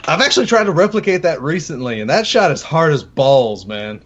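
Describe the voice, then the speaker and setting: A man's voice: fairly high pitch, big pitch swings, brisk, fairly bright tone. A man co-hosting a casual gaming podcast, laid-back and rambling with lots of fillers. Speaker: podcast co-host. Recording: dull lo-fi audio.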